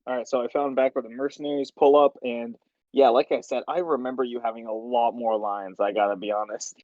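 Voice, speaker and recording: A man's voice: medium pitch, level tone, brisk, darkish tone, no room sound, lo-fi sound. A man directing a voice session, rambling and laughing as he explains the scenes. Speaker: machinima director and writer. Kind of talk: casual directing chat.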